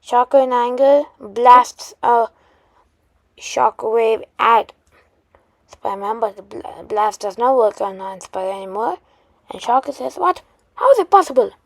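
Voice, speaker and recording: A woman retelling a made-up superhero story, halting often with restarts and fillers. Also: a little high, vocal fry, dry recording.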